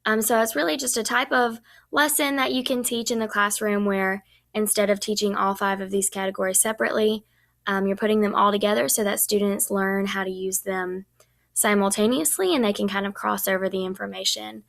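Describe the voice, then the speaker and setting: Young woman with a gravelly edge. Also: mid-range voice, steady tone, brisk, fairly bright tone. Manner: chatty, many ums. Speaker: student teacher presenting. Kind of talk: recorded class presentation.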